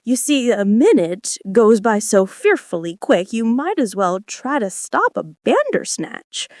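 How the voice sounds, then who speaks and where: A woman's voice: a little high, big pitch swings, measured pace, darkish tone, no echo, studio quality. A woman voicing a fretful, fussy old king in a storybook reading. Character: fussy, faint-hearted old male king. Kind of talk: storybook character voice.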